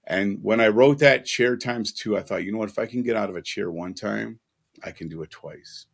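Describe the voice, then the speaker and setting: A man's voice: fairly low pitch, normal speed, creaky, slightly rough. A man telling an earnest, emotional personal story as a podcast guest, with casual asides.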